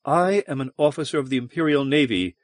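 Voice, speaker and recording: A man's voice: medium pitch, animated, normal speed, dry recording, close to an everyday voice. Proud young noblewoman officer, read by a man, clipped, raised voice, dry audiobook sound.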